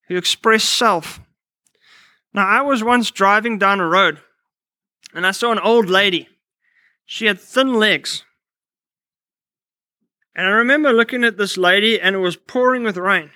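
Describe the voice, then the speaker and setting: A man's voice: high-pitched, pushed and bright, no echo. A man preaching a sermon, telling personal stories and quoting scripture, with frequent restarts and fillers.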